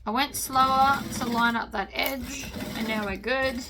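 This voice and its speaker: A woman's voice: sits high, fairly even intonation, measured pace, background noise. A woman hosting a sewing tutorial, chatting casually and talking to herself as she stitches, cheerfully pleased with her work. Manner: chatty, talks to herself while working, enthusiastic about her stitching. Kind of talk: relaxed instructional sewing talk. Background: sewing machine running.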